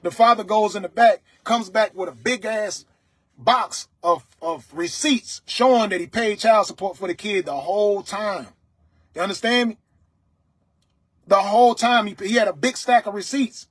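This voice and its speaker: A man lectures his livestream audience in a loud, stern, preaching voice and keeps checking in with "you understand me?" His voice sits high for a man and has a husky grain. The sound is close and dry, with no room echo. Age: adult, father of several children. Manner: dialect grammar, repeated "you understand me?". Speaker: livestream host. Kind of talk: motivational talk to viewers.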